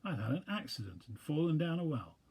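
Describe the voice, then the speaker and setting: A man voicing a slow-thinking, good-natured young male bear who talks in a simple, ponderous way, in a storybook reading. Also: a little high, big pitch swings, a little mellow, slightly rough, voice pushed up, exaggerated voice. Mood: puzzled.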